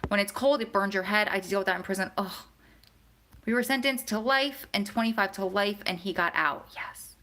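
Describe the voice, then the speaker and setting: A woman vlogger answers her viewers' questions in a casual, chatty way and speaks straight to them. Her voice is bright and a little sharp, pitched in the middle for a woman. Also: fairly quick. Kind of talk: casual chat.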